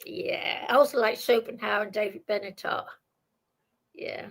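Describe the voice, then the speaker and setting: An older Dutch-born woman with a London accent, a guest on a live-stream panel, speaking in a halting, defensive way with many restarts. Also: mid-range voice, fairly even intonation, vocal fry, fairly bright tone, poor audio. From Netherlands. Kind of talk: heated live-stream debate.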